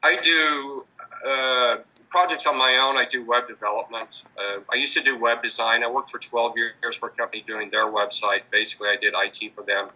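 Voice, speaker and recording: Interviewed about his street act, a mobster-costumed performer replies in a steady, sharp, medium-pitched voice at normal speed. His answers are hesitant, riddled with fillers and restarts, over poor audio.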